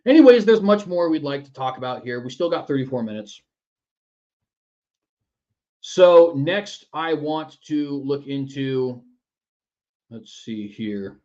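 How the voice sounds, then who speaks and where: A man's voice: mid-range voice, darkish tone, lo-fi sound. A man hosting a political commentary show in a sarcastic, mocking manner. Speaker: news commentary host.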